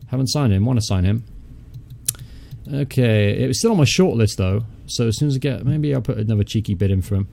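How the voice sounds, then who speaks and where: A man's voice: mid-range voice, expressive, brisk, vocal fry, dark tone. A young man hosting a casual let's-play, chatty, thinking aloud as he goes, muttering and swearing offhandedly. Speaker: gaming channel host.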